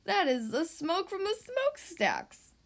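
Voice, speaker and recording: A woman's voice: very high voice, wildly swooping pitch, unhurried, pitched above the performer's own voice, heavily acted. A woman doing a blustery ship captain. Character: hearty, forgetful male ship captain. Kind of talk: storybook read-aloud.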